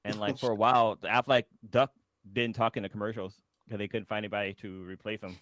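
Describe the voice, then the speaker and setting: A man's voice: lowish voice, little pitch movement, quick pace, a bit bright, no room sound. A man co-hosting a casual podcast who tells stories in a rambling way, with many restarts. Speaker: podcast co-host.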